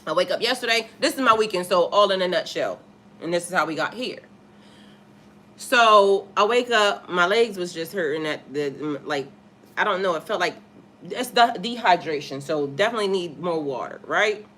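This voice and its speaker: A woman's voice: lowish voice, animated, moderate pace, fairly bright tone, a little hiss or hum. A woman, a spiritual life coach, telling a personal story on a casual livestream in a candid, profane way and greeting viewers in the chat.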